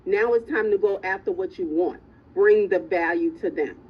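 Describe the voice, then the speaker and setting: A woman's voice: medium pitch, moderate pace, muffled recording, a little hiss or hum. A woman real estate coach giving a motivational talk in a live online session, emphatic and repeatedly checking in with "right?" and "okay?".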